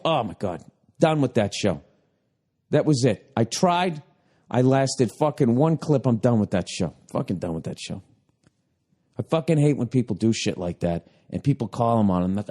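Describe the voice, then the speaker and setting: With a Boston accent and a mellow, medium-pitched voice, this man delivers a profane, mocking comedic rant at a moderate pace. His intonation is lively as he swears and slips into imitations of other voices, the way a comedian or podcast host would.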